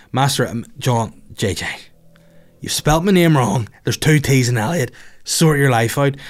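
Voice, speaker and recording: A man hosting a podcast in casual comedic chat, reading out listener questions with crude, sarcastic humour and frequent swearing. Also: medium pitch. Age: older than the others, adult.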